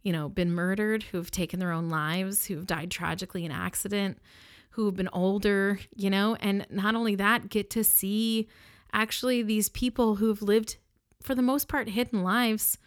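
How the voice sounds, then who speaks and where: A woman's voice: medium pitch, fairly even intonation, normal speed, no echo, clean studio sound. A woman who works as an embalmer, earnestly recounting a personal experience in a reflective way with fillers and restarts. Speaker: embalmer and show host. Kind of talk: personal storytelling to camera.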